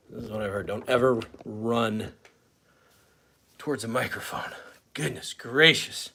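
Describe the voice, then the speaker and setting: A man's voice: medium pitch, a little slow, creaky, pauses often, pushed and bright, slight background noise. A man hosting a casual live stream from his home, rambling and chatting with viewers and his dog, at times out of breath. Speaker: host of a live fan stream.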